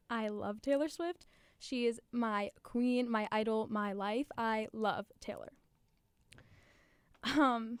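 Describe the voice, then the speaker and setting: A teenage girl hosting a podcast in a chatty, confiding, upbeat way. Her voice sits a little high and sounds smooth and clear, recorded dry with no room sound. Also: dry recording. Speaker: podcast host. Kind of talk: scripted podcast monologue.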